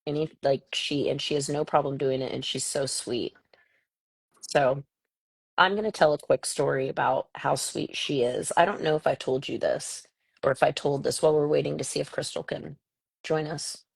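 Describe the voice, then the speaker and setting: A woman hosting a casual live chat, telling an animated story about her son and acting out the voices of the people in it. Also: low-pitched, normal speed, gravelly, husky, dry recording, rough recording. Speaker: host.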